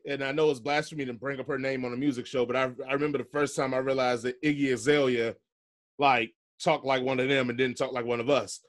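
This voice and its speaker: A man hosting a casual music chat, relaxed and slangy, laughing often. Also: mid-range voice, fast talker. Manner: laid-back slangy talk, laughs often. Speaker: podcast host.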